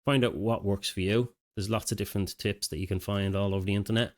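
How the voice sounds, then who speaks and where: A man's voice: lowish voice, steady tone, fast. A middle-aged man, a mindset coach, giving a casual, conversational self-help talk to camera. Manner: casual, conversational, with filler phrases and restarts.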